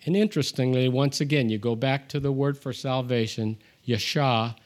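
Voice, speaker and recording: A man preaching a sermon, conversational with asides, rising in pitch and volume when he reads scripture aloud. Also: normal speed. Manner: conversational with asides and self-deprecating humor. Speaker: pastor.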